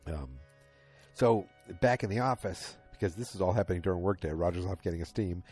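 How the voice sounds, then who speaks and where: A man with a low, slightly husky voice talks through a TV episode recap in a loose, casual way. He sounds tired and rambles, often stopping to correct himself. Soft music plays faintly in the background. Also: brisk. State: tired and yawning late at night. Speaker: podcast host recapping a TV episode.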